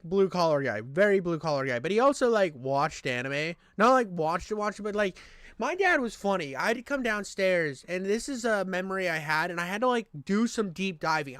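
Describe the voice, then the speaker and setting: Man, high voice, smooth, profane animated rant, dry close sound. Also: dry recording. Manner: loud, profane, animated ranting. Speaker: podcast co-host. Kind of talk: casual chat.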